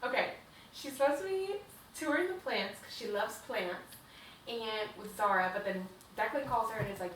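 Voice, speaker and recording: A young woman co-hosts a podcast, retelling a book with gushing excitement, plenty of swearing and "like"s. Her voice is bright and sits a little high. She sounds set back from the mic in an echoey room with a faint hiss. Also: moderate pace, far from the mic. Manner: gushing, profane, filler-heavy retelling. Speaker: podcast co-host. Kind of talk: casual book recap chat.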